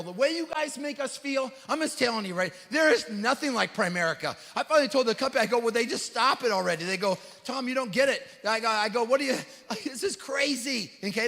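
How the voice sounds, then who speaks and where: A middle-aged man with a very high voice delivers a motivational speech from a stage. He talks in short, punchy bursts, often tags lines with "right?", and drops from loud rallying to quiet, earnest asides. His voice rings out with the long reverb of a big event hall. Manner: punchy, repeats "right?" and "you guys", swings from loud to hushed. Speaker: company leader speaking at a convention.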